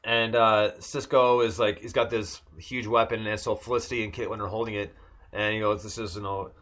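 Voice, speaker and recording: Recapping a podcast episode, the male co-host rambles and keeps restarting, filling gaps with fillers. The delivery is flat and fairly quick, in a lowish voice with a fairly bright tone.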